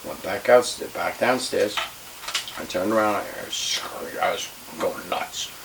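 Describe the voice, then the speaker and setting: A man's voice: low-pitched, a little slow, creaky. A man telling a wrestling story in an interview, heated, emphatic and profane. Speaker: retired pro wrestler. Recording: distant mic with faint hiss.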